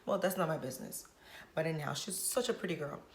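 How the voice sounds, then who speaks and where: A woman with a fairly low voice vlogs straight to camera, retelling a story from her work as a hairstylist. She talks in an emphatic, preachy way and drives her points home by repeating them. The recording carries a roomy echo. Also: fast talker. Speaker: hairstylist vlogger. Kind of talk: direct-to-camera storytelling vlog.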